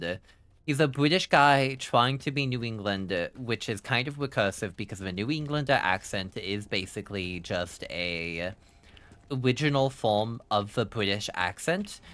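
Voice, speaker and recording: A man with a faded German accent giving excitable, profane live gameplay commentary as a streamer, quick to laugh. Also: fairly low pitch.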